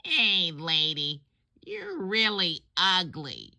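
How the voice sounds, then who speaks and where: A woman's voice: on the low side, sing-song, extremely slow, bright, forceful tone, voice pushed up, heavily acted. A woman voicing a rude, cheeky pet-store parrot that taunts bluntly. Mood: taunting.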